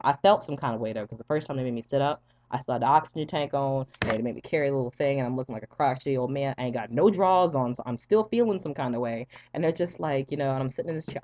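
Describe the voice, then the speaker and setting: A young man rattles off a story at a quick clip, swearing freely and breaking into laughter. His voice sits in a middle register. The recording is dull and lo-fi, with a dry sound and no room echo. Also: medium pitch. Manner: animated, profane, laughs often. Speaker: vlogger. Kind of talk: casual storytelling to camera.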